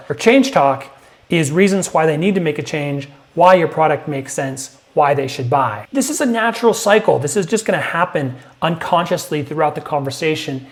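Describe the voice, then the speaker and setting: A man gives a sales lesson in a direct, emphatic way, hitting his points hard. His voice sits a little high for a man. Now and then he lifts it further to mimic a hesitant prospect. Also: normal speed. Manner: emphatic, punchy, acts out prospect lines in a higher voice. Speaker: sales coach.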